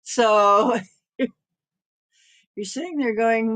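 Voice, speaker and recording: Middle-aged lady rambling on her livestream, slow and easygoing, lots of little chuckles. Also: lowish voice, expressive. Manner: rambling, chuckles often, talks to her cat. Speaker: live-stream host. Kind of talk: casual chat reading live comments.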